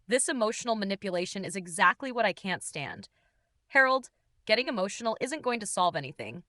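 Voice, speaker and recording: A woman's voice: medium pitch, sing-song, a little fast, bright, forceful tone, no room sound. A woman narrating a story in the first person, in a cool and dismissive manner.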